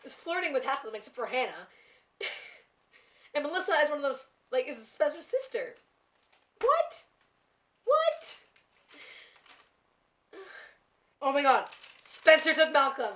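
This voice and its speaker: High-voiced, excitable young woman. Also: fairly quick, roomy sound. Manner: excited, gushing, laughs a lot. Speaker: TV review vlogger. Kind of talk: casual chat.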